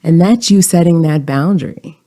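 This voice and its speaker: A podcast host giving calm, explanatory self-help advice in a coaching tone. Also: mid-range voice, normal speed.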